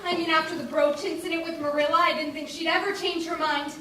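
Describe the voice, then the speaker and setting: A woman's voice: very high voice, fairly even intonation, quick pace, bright, forceful tone. A woman playing a chatty, dreamy orphan girl on stage, rambling breathlessly and stumbling over her words. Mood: gushing. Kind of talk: stage musical acting. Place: theater stage, heard from the audience. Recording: echoey stage recording from far off, audience and noise.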